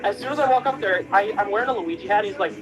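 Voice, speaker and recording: A man chatting casually as a stream guest, excitedly recounting a story. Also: sits high, rapid-fire, rough recording. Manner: excited, recounting with quoted voices. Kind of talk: casual chat. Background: music.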